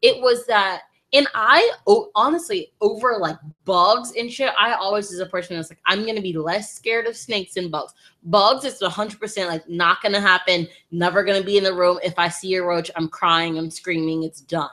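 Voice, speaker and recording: A woman in a casual podcast chat, talking in an animated, emphatic way. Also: medium pitch, normal speed, few pauses.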